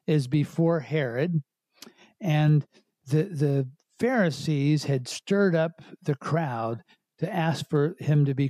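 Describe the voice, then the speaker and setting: A man giving a verse-by-verse Bible teaching, explaining passages in an unhurried way with frequent restarts. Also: a little high, mellow, no echo.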